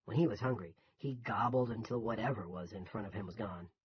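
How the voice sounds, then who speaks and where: A man reading an audiobook in scripted narration, measured and even. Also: fairly low pitch, dull audio, slight background noise.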